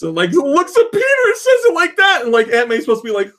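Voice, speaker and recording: A man's voice: very high voice, fast, few pauses. A man hosting a casual podcast, retelling video game scenes with laughter and acted-out lines. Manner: animated storyteller, acts out game scenes with laughs. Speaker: podcast host.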